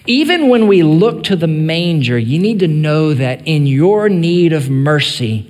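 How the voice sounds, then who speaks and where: A male pastor preaching an earnest sermon, rising in emphasis and then dropping to soft, quiet phrases. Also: a little high, sing-song, takes it slowly, few pauses, long reverb tail.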